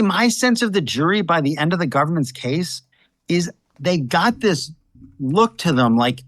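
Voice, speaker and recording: A man who is a defense lawyer, telling the story of his case in measured interview answers. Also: a little high, fairly bright tone, no echo.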